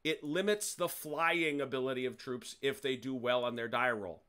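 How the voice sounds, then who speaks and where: Speaking at normal speed, this wargame host has a mid-range voice that is pushed and bright, clear and resonant. He explains the rules to his players conversationally, frequently fixing what he says mid-sentence and adding dry humor.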